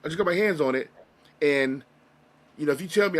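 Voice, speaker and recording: Casting: male interview guest, higher pitch, forceful bright tone, earnest and rambling. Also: a little fast. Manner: earnest, rambling, emotional storytelling with many restarts. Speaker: interview guest, music reaction creator. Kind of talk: casual interview conversation.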